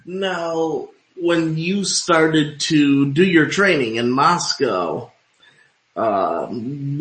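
A man's voice: mid-range voice, fairly bright tone. A man hosting an interview, rambling and padding his questions with fillers. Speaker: interview host. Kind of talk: radio-style interview. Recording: roomy echoing room.

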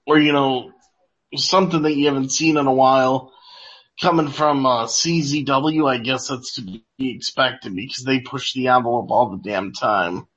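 A man's voice: mid-range voice, normal speed, fairly bright tone, breathy edge. A man co-hosting a casual wrestling chat, laid-back and drowsy, laughing easily. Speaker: podcast co-host. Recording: dull lo-fi audio.

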